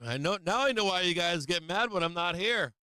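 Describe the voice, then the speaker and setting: Brash trading-stream host, a man with a sharp, high voice, swearing freely. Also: lively intonation, a little fast, clear, resonant tone, no room sound. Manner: brash and profane, laughing often. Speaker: stock market livestream host. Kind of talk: live trading commentary.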